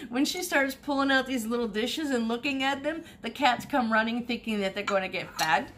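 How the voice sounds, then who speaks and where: A slightly high, somewhat bright female voice moves at normal speed with hardly any pauses. She's an online reseller chatting casually and animatedly about thrift finds in a haul video, often repeating herself as she tells a story.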